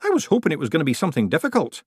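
A man's voice: a little high, huge pitch swings, very fast, darkish tone, slightly rough, no room sound, clean studio sound, voice pushed up, full character voice. A man voicing a brash, fearless tiny blue fairy man. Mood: cocky.

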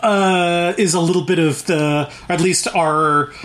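A man's voice: fairly high pitch, steady tone, unhurried, a bit bright. A man with a New Jersey accent, co-hosting a podcast, talking thoughtfully with many hesitations. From New Jersey, USA. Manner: hesitant, thoughtful, full of fillers. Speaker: podcast co-host. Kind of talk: casual chat.

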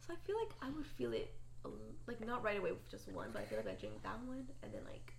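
A woman's voice: mid-range voice, huge pitch swings, fast talker, creaky, slight background noise. A young woman co-hosting a casual chat podcast, rambling with lots of fillers. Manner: rambling, filler-heavy, many "like"s. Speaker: podcast co-host.

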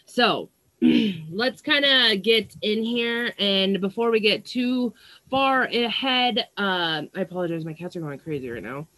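A woman's voice: mid-range voice, expressive, unhurried, a bit bright, no room sound. A young woman who works as a psychic medium, talking casually through an earphone mic in a small room at home, rambling and swearing often between fillers. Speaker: psychic medium and astrology vlogger. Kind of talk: casual livestream chat. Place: small stuffy room at home with fans running.

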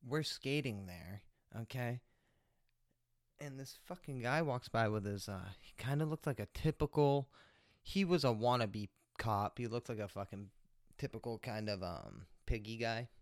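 A man's voice: mid-range voice, measured pace, no echo, clean studio sound. A man hosting a homemade podcast, telling a casual story in a rambling way, full of fillers and swearing. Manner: rambling, heavy swearing, lots of filler words. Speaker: podcast host.

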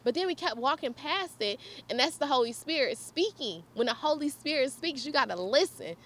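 Brief: young woman, casual storyteller, swooping lively voice, a bit high, laughs often, chats to viewers. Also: moderate pace. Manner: animated, laughs often, chatty asides to viewers. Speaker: vlogger.

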